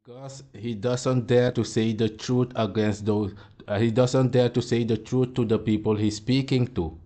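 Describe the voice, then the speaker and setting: A man talks back at clips he is reacting to, confrontational and lecturing. His voice sits in a middle pitch, and he often trips over repeated words as he gets going. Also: fairly even intonation, moderate pace, dark tone. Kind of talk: heated commentary.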